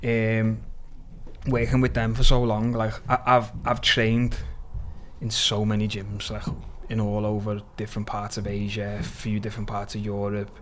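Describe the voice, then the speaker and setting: A man in his thirties from Liverpool with a Scouse accent, talking as a podcast guest in a blunt, animated way, swearing freely and calling people "lad". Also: on the low side, moderate pace, slight background noise. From Liverpool, England. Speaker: guest, mixed martial arts fighter. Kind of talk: casual podcast chat.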